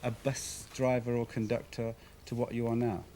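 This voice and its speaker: A man hosting a daytime TV debate with a studio audience, quick to interrupt and press his guests. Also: mid-range voice, flat delivery, dark tone, a little hiss or hum. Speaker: talk show host. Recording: 1990s TV broadcast from VHS.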